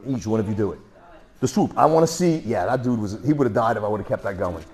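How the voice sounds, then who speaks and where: A man's voice: on the low side, expressive, fast talker, darkish tone. A man instructing a martial arts class through a worn mic, telling stories and punching out sound effects as he demonstrates moves. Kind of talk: teaching a class. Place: training room.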